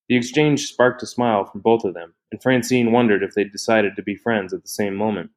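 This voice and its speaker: Low-voiced man reading a novel. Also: fairly quick, hardly any pauses.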